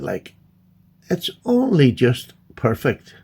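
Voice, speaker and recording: A gravelly, husky man, talking in an excitable, gushing way. He chats casually and warmly straight to the viewer, as though showing off a collection. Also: mid-range voice, a little slow. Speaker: knife collector vlogger. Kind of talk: casual unboxing chat.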